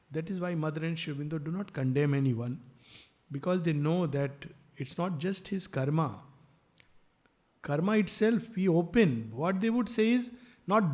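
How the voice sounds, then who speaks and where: Casting: high-pitched man, earnest teacher of a reading class, emphatic delivery. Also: expressive, moderate pace, a little mellow. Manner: earnest, emphatic, acts out quoted speech. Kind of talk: spiritual study class lecture.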